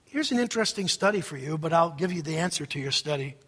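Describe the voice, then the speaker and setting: A male pastor preaching a sermon dramatically, swinging from loud outbursts to hushed asides. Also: fairly high pitch, expressive, fast talker, slightly rough, big-room sound.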